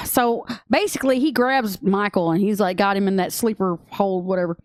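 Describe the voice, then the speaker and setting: A woman with a Texan accent co-hosting a casual podcast chat, excitable and gushing, laughing often. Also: mid-range voice, normal speed, dry recording, studio quality. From Texas. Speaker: podcast co-host.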